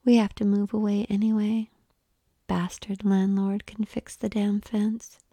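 A laid-back young man, thrown off balance and sputtering, in whispered role-play, as a woman narrator puts him on. The hush is slow, mellow and gravelly. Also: medium pitch, little pitch movement, no room sound. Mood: bewildered. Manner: flustered, sputtering.

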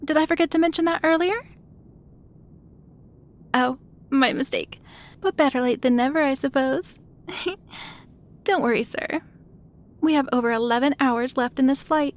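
A woman playing a flight attendant in an adult audio role-play, breathy, giggly and teasing as she fawns over the listener. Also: high voice, moderate pace, long pauses.

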